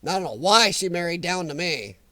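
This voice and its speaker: An American man with a fairly high voice hosts a casual live chat. He rambles and gets emphatic as he answers viewers by name, and his voice sounds close and dry, with no room echo. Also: expressive, brisk, sharp tone. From United States. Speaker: livestream chat host.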